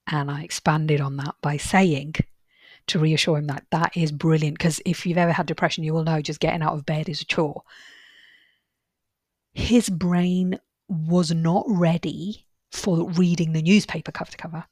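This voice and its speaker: A woman's voice: low-pitched, fairly even intonation, normal speed, darkish tone, breathy edge, no echo, clean studio sound. A woman therapist hosting a podcast monologue, earnest and reassuring, who repeats phrases for emphasis as she shares client stories. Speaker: solution-focused therapist, podcast host.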